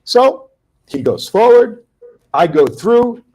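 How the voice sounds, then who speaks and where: Man, talk show host, slightly high voice, animated storyteller, casual chat. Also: normal speed, low-quality recording. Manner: animated storyteller, acts out yelling. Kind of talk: casual round-table chat.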